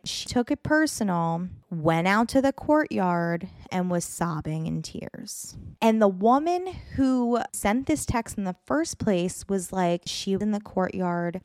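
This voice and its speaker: A woman's voice: mid-range voice, dry recording, studio quality. A young adult woman hosting a solo podcast episode, ranting bluntly and swearing often. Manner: blunt, profane, exasperated ranting. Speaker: podcast host.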